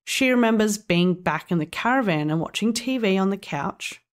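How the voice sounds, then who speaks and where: A woman's voice: mid-range voice, expressive, normal speed. A woman co-hosting a podcast, casually telling a story, swearing now and then and laughing along. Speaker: podcast co-host.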